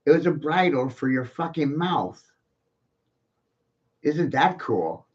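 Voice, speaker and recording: A man's voice: fairly high pitch, big pitch swings. A man giving rambling, profane solo commentary, full of rhetorical questions. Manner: rhetorical, profane, keeps asking "right?"; slow, drawn-out delivery. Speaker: commentary streamer. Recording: dull lo-fi home recording.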